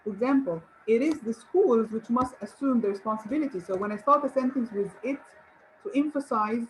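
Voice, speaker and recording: A woman's voice: on the high side, brisk, a little hiss or hum, rough recording. A woman English teacher giving an online grammar lesson, encouraging and asking her viewers questions. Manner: encouraging, rhetorical questions and praise.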